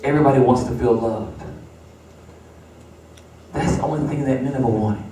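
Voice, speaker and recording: A man's voice: mid-range voice, moderate pace, warm tone, a little hiss or hum. A man preaching a sermon as pastor, building to emphatic repeated refrains in a church sanctuary. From United States. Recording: echoey church, distant mic.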